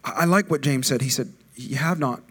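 A middle-aged man preaching a sermon, chatty and informal, rising to loud call-and-response with the congregation. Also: mid-range voice, fairly quick, breathy edge. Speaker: pastor.

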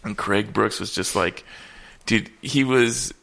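A man's voice: fairly low pitch, takes it slowly, creaky, a bit bright. A man around forty hosting a casual chat, telling stories in a laid-back way, swearing and trailing off with fillers. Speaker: comedian, host.

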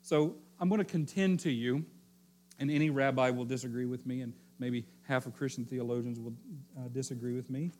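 A pastor preaching a teaching sermon, repeating key phrases and often checking in with his listeners, sometimes dropping to a quiet low voice to stress a point. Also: fairly even intonation, a little fast.

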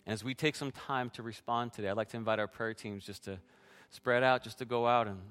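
A man's voice: mid-range voice, steady tone, brisk, a bit bright, clean tone. A man preaching a sermon as pastor, sharing his own testimony in an earnest way and speaking directly to the congregation.

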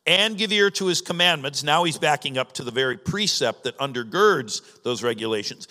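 A man's voice: a little high, expressive, fairly quick, hardly any pauses, bright, forceful tone. A man preaching a sermon as pastor, teaching in a conversational way with emphatic rises. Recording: long reverb of a large hall.

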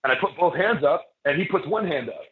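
A man's voice: fairly high pitch, expressive, fast. A man, a wrestler guest on a casual podcast, telling a long rambling story with many fillers and restarts. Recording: echoey, phone-like lo-fi sound.

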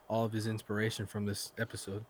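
A man's voice: on the low side, completely flat delivery, quick pace. A young adult man on a podcast, bluntly and profanely trashing the acting in an episode. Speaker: podcast co-host. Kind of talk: casual chat.

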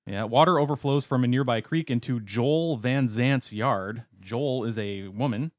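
A man's voice: mid-range voice, unhurried, no echo, studio quality. A man co-hosting a casual podcast, reading odd news stories aloud in a playful, jokey way. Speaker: podcast co-host.

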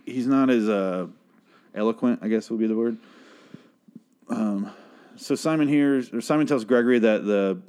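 Guy with a lowish voice rambling through a show recap, swears a lot, keeps cutting himself off and laughing. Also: mellow. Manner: profane, self-interrupting, laughs often.

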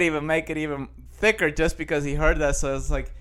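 Young man from Costa Rica, casual host; slightly high voice, loose rambling delivery full of fillers. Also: steady tone, moderate pace, a bit bright. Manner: rambling, many fillers and restarts. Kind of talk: casual chat.

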